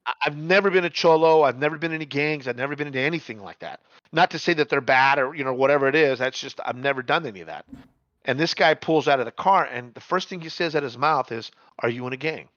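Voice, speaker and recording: A middle-aged man telling a story in casual chat, animated, repeating words and swearing freely. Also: a little high, fast, no room sound, muffled recording.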